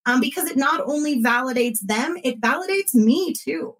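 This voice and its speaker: A woman in her thirties who hosts a podcast, talking casually in an animated way and acting out what others said. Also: sits high, moderate pace, rough recording. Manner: animated storytelling, acts out quotes, frequent fillers. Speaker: podcast host and former consultant. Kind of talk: casual conversational interview.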